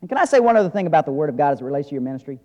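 A man preaching a sermon as pastor, earnest, swinging from loud emphasis to quiet intensity. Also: a little high, big pitch swings, rapid-fire, lo-fi sound. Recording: long hall reverb.

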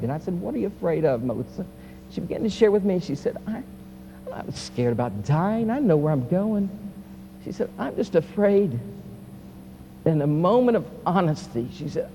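A male pastor preaching a sermon, swinging from loud, impassioned peaks to quiet, soft passages. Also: high-pitched. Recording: reverberant hall with faint hum.

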